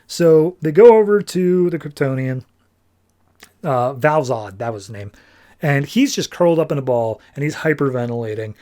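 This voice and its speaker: A man's voice: medium pitch, animated, moderate pace, warm tone. Chatty man giving a casual podcast recap. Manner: loose, chatty retelling full of "like" and quoted dialogue. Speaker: podcast host. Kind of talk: casual comic book recap.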